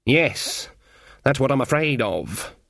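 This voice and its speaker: A man's voice: medium pitch, sing-song, takes it slowly, gravelly, fairly bright tone, no echo, exaggerated voice. Man playing a stern old witch. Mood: wary. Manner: dry, scolding. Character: stern, sharp-tongued old female witch.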